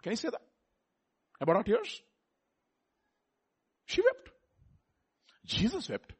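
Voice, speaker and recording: A male preacher delivers his sermon in a husky voice. His pitch sits high and leaps about widely as he drops into soft asides and questions the congregation. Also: wildly swooping pitch, takes it slowly. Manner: emphatic, swings from loud exclamations to soft asides, asks the audience questions.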